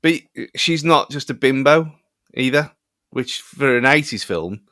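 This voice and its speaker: A man gives his film opinions in a loose, rambling podcast chat, often restarting his sentences. His voice is mid-pitched. The recording is dry and close-miked. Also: lively intonation, measured pace, sharp tone, no echo. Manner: rambling, many restarts and fillers. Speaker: podcast co-host. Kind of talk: casual film review chat.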